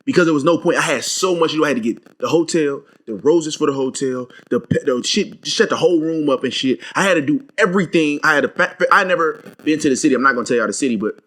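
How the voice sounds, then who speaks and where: Young male podcast co-host, rapid-fire, profane, emphatic storyteller. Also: fairly high pitch, fairly bright tone. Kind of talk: casual chat.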